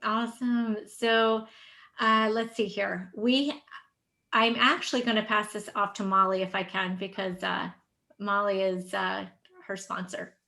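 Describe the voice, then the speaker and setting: A woman's voice: mid-range voice, fairly even intonation, unhurried, vocal fry, sharp tone. Hesitant, apologetic woman on a team call. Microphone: online group call.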